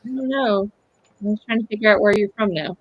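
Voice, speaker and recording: A woman's voice: mid-range voice, fairly quick, slightly rough, highs cut off. A woman in casual chat, easygoing and agreeable, often affirming what others say.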